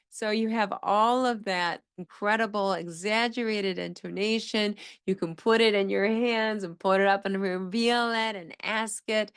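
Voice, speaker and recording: A woman's voice: medium pitch, clear, resonant tone. A middle-aged woman speech-language pathologist teaching in an enthusiastic, explanatory way, acting out example phrases with exaggerated intonation. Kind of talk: teaching monologue.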